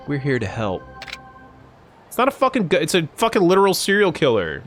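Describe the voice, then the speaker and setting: A male streamer rambles through live game commentary with crude jokes and asides. His voice sits at a middling pitch but swings widely up and down. A faint hum of ambience runs underneath. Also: huge pitch swings, moderate pace. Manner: profane, rambling, jokey.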